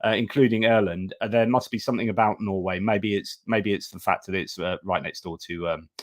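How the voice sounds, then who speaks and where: A man's voice: on the low side, steady tone, a little fast, no room sound, clean studio sound. Chatty man hosting a live stream. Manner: chatty, many restarts and fillers. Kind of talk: casual live stream chat, reading donor thanks.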